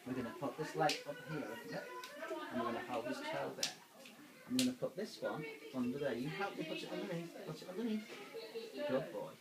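A woman's voice: extremely low pitch, brisk, over a noisy crowd. A woman coaxing a small child through a photo shoot in playful, sing-song baby talk. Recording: echoey room, mic far off.

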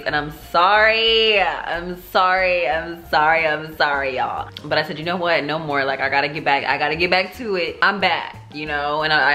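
A young woman vlogger telling a story in a casual, animated way, talking straight to her viewers and acting out what people said. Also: sits low. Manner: animated, talks straight to viewers, acts out quotes.

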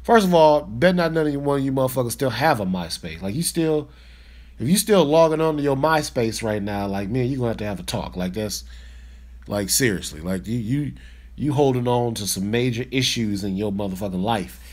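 A man's voice: medium pitch, animated, brisk, a little mellow. A man hosting a podcast, ranting in a fired-up, profane, slangy way in a casual monologue. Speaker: podcast host.

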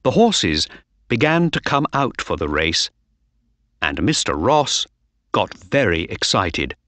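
A man reading a storybook aloud for learners, very slowly and clearly. His pitch moves widely and expressively, and the sound is close and dry. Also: dry recording. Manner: slow, clear, lively reading. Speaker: narrator. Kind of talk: slow storybook narration for learners.

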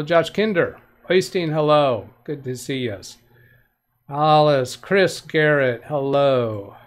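A man hosting a live tech help stream. He reads viewer comments aloud in a rambling way, corrects himself often, and gives plain practical advice. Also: mid-range voice. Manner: rambling, with frequent self-corrections and restarts.

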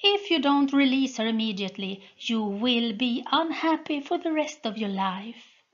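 A woman's voice: fairly high pitch, animated, moderate pace, highs cut off, voice pushed up, lightly acted. A woman voicing an icy, haughty young sorceress. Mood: cold, scornful. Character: cold commanding young noblewoman with witch powers.

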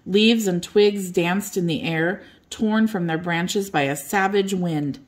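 An older woman reads a children's bedtime story aloud. Her voice sits a little low, and her reading is gentle and expressive. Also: slow.

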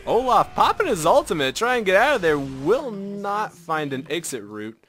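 A young man giving casual live commentary over his own game, excitable and self-mocking, dropping to mutters and jumping to yelps. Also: fairly high pitch, measured pace, few pauses, dry recording. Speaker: gameplay commentator.

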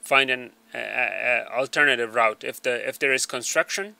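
Hesitant male tutorial narrator, bright voice. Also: medium pitch, moderate pace, gravelly, no echo. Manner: hesitant, full of fillers. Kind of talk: screen tutorial voice-over. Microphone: small desk microphone.

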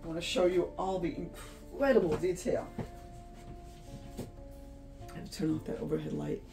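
A woman's voice: low voice, fairly even intonation, unhurried, vocal fry, over music, low-quality recording. A woman hosting an art channel, talking casually to her viewers, emotional and teary, gushing and laughing often. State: teary, sniffly. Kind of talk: casual vlog talk to camera.

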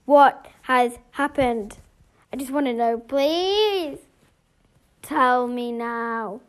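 High-voiced woman telling a game story. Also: very slow. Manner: emotional, dramatic, with laughs. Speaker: storyteller and main character. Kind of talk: game role-play story.

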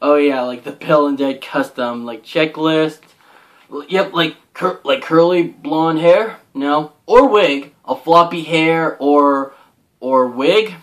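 Excitable young guy unboxing. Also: fairly high pitch, slow. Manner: excitable, gushing, lots of "like" and "oh my gosh". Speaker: unboxing vlogger. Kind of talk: casual unboxing commentary.

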